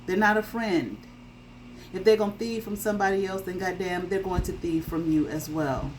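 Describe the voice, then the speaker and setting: Speaking in a fairly low, steady, darkish voice at a moderate pace, this tarot reader talks straight to her viewers in a casual session. Her delivery is emphatic and full of swearing, punctuated again and again by "okay?" There's slight background noise, and the recording is rough.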